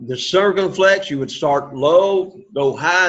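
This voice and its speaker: A man teaching Greek to a class, coaxing students and repeating words slowly for pronunciation. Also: fairly high pitch, expressive, a bit bright, dull audio. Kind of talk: classroom lesson.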